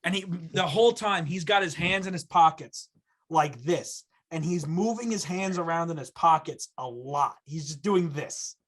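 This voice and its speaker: Young male podcast co-host, casual storyteller who acts out the voices, bright and high-ish. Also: moderate pace. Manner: animated storyteller acting out voices. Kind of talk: casual chat.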